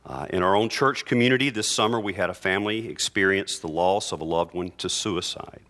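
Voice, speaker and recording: Earnest bright-voiced man preaching a sermon. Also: brisk. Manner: earnest, heartfelt preaching that drops soft and low in grief and rises emphatic. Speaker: priest. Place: church.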